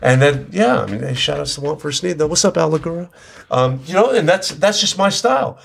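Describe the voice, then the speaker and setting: A man talking as a podcast guest in casual, animated chat, often restarting his sentences. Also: fairly high pitch, fairly quick, gravelly, slight background noise. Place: studio.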